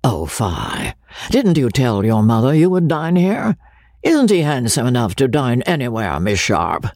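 A reader voicing a jovial old gentleman who teases the young people. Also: medium pitch, big pitch swings, a little slow, dry recording, clean studio sound. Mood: teasing. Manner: teasing.

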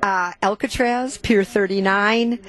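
A chatty woman talks casually as a guest on a TV show. She sounds upbeat, often restarts her sentences and speaks at a middling pitch. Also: steady tone, slow. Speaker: travel show host, guest. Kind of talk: casual TV chat.

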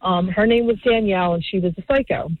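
A woman phones in and tells her story with animation, jumping into the voices of the people in it. She talks at a middling pitch. The sound is a thin, dry phone line. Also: fast, dry recording. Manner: animated storyteller, acts out quotes. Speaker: caller.

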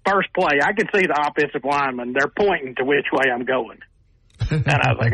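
Older sportswriter, raised pitch, lively storytelling, dry close sound. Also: male voice, a little fast, no echo, rough recording. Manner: animated storyteller who acts out quotes with raised voices. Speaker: sportswriter guest. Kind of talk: radio interview storytelling.

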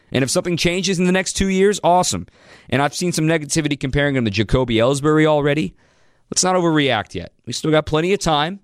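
Here a fairly high-pitched man hosts sports talk radio, taking callers in the studio. The studio microphone picks up no echo, and he keeps things energetic and conversational, reading phone numbers aloud.

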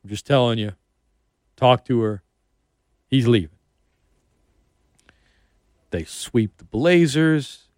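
In a relaxed sports radio interview, this middle-aged host talks slowly with long pauses, his mid-range voice lively in intonation and a little mellow. He's a chatty storyteller who performs the quotes of the people he mentions. Recorded on a studio mic in a radio studio, the sound is dry and studio quality.

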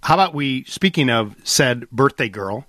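A man's voice: medium pitch, lively intonation, moderate pace, a bit bright, no echo. Upbeat guy hosting a radio call-in, dry close sound, folksy and chatty. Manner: upbeat, folksy, explains plainly. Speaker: radio host.

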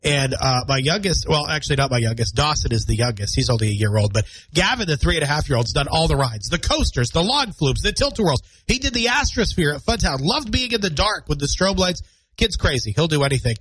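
A man's voice: on the high side, lively intonation, brisk, fairly bright tone, breathy edge, poor audio. A man in his thirties hosting a morning radio show alone, nasal and congested from a cold, chatty and self-deprecating. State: stuffy nose and scratchy throat from a cold. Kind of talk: solo morning radio talk. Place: radio studio. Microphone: studio microphone.

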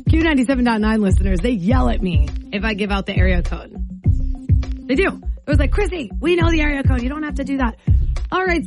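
A woman hosting a morning radio show, chatting casually and laughing often between bits. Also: a little high. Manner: chatty, laughs often, repeats phone number. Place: radio studio.

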